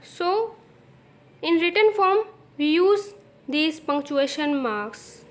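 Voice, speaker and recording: A woman with a Pakistani English accent, teaching a recorded English lesson, explaining slowly and repeating phrases for emphasis. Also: high-pitched, expressive.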